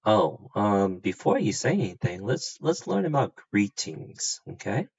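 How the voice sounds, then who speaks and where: A male teacher giving a children's language lesson, patient and gently amused, drilling sounds to repeat. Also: on the low side, sing-song, unhurried, gravelly, husky, dry recording, muffled recording.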